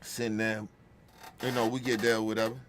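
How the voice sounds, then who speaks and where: A man's voice: fairly low pitch, level tone, a little fast, background noise. A man telling a casual, profane family story, checking in with the listener by often asking "right?". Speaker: podcast host.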